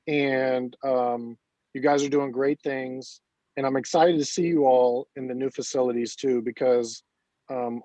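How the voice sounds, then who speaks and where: A college dean giving an earnest, halting speech with many fillers at an online ceremony over a video call. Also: male voice, mid-range voice, warm tone, no echo, poor audio.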